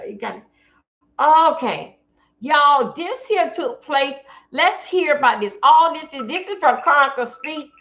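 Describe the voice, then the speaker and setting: A woman's voice: high voice, fairly bright tone, lo-fi sound. A woman from Florida, giving blunt casual commentary to her live-stream chat from home.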